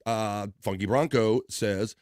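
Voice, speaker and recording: A man's voice: fairly low pitch, fairly even intonation, takes it slowly, darkish tone, no room sound, studio quality. A man hosting a casual livestream, upbeat and playful as he reads out chat messages and greets viewers by name. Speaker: livestream host.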